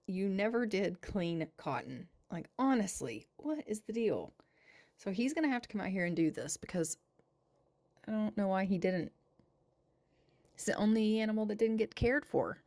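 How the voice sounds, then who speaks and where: A woman's voice: medium pitch, creaky, a little mellow. A woman giving a casual voice-over of a life-simulation game, chatting and cooing at her characters as she plays. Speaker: gaming channel host. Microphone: home voice-over mic.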